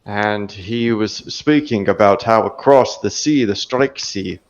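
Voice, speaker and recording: A man voicing a gruff male dwarf riding a minecart, speaking low and measured. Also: highs cut off. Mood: gossiping.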